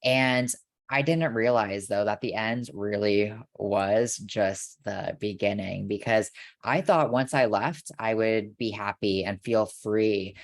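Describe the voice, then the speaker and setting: Low gravelly interview guest. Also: no room sound, clean studio sound. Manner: measured and reflective, tells a personal story. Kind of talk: conversational interview storytelling.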